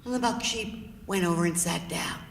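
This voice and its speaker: A woman storyteller performing live, acting out shouts and sound effects and drawing the audience in. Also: lowish voice, normal speed, vocal fry, slight background noise. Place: large theater stage. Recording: echoey theater hall.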